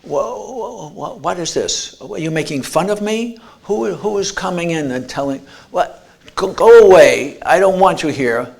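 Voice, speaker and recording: A man voicing a grieving, confused father who stammers and shouts him away. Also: high voice, expressive, a little slow, gravelly, pitched above the performer's own voice, exaggerated voice. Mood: distraught. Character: distraught grieving father, middle-aged man. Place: expo lecture room.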